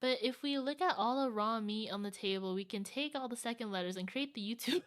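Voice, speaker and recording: A woman streaming live, chatting casually and excitably as she reacts to a video, often restarting her sentences. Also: on the high side, brisk.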